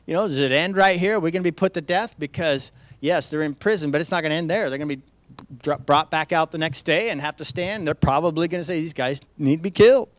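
An American pastor with a high male voice talks fast while delivering an earnest, conversational sermon. He stumbles into restarts and keeps tossing rhetorical questions at the congregation, and the recording is dry with almost no room echo.

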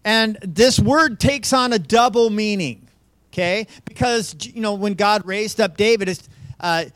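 A pastor teaching a Bible study in an informal, conversational way, often checking in with listeners and restarting phrases. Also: male voice, sits high, unhurried, a bit bright, dry recording. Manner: chuckles lightly, restarts phrases. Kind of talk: conversational sermon with slides.

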